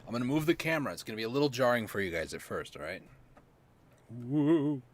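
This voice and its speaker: A young man with a sore throat, rambling quietly through late-night gameplay commentary. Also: mid-range voice, sing-song, racing. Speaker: gaming streamer.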